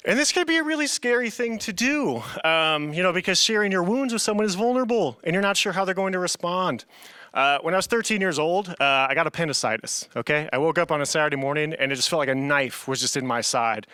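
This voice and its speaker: A man's voice: fairly high pitch, lively intonation, quick pace, sharp tone, clear, resonant tone, dry recording. A young man preaching a casual, earnest youth sermon, often saying "man" to his listeners. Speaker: youth pastor.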